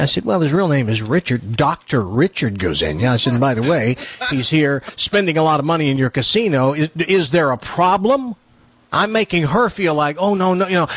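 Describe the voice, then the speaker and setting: Animated husky man telling stories. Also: a little high, no room sound. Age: older. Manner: animated, acts out voices in his anecdotes. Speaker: show regular telling a story. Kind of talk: casual storytelling chat.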